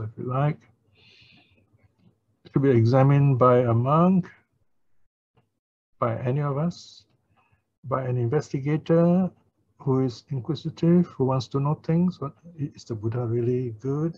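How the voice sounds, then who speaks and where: A husky-voiced man leads a dharma class, explaining a text step by step and often checking in with "right?" and "eh?". His voice sits at an ordinary middle pitch. The recording sounds dull and lo-fi. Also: a little mellow. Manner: explains slowly, asks listeners "right?" and "eh?". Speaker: Buddhist teacher.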